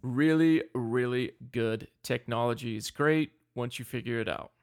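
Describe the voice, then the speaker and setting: A man's voice: mid-range voice, unhurried, smooth. A man co-hosting a finance podcast, leading the casual chat with upbeat banter. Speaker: podcast co-host.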